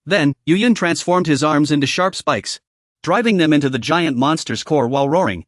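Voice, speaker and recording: Lively male recap narrator, dry sound. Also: on the high side, moderate pace, no room sound.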